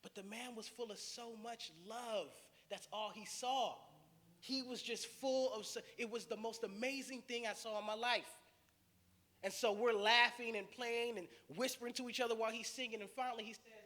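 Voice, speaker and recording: Male guest preacher, animated storyteller, bright tone, big echoey sanctuary with faint hiss. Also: extremely high pitch, normal speed. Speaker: guest speaker. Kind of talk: sermon. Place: church sanctuary.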